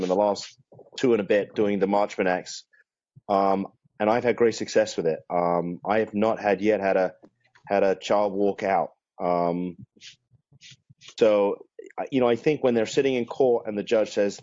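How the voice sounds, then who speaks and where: A man with a low, mellow voice explains legal procedure on a remote panel, measured and careful, often restarting his sentences. The sound is dry and slightly dull, as heard over a video call. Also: no room sound. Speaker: guest attorney.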